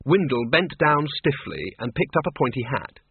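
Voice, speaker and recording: A man's voice: mid-range voice, very animated, normal speed, slight background noise. A man narrating a comic fantasy story in a dry, wry reading style. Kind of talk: audiobook reading. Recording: thin phone-like band, dry.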